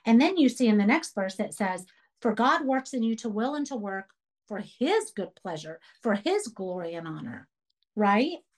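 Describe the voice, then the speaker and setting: A woman's voice: fairly high pitch, expressive, a little slow, darkish tone, rough recording. A woman leading a Bible study for a women's group, earnest and emphatic, repeating key phrases as she teaches. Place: church radio program.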